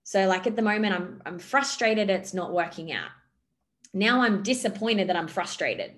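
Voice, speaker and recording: A woman's voice: medium pitch, expressive, moderate pace, a bit bright. A woman coaching on a podcast, talking loosely with many fillers and describing gestures as she goes. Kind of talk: podcast monologue.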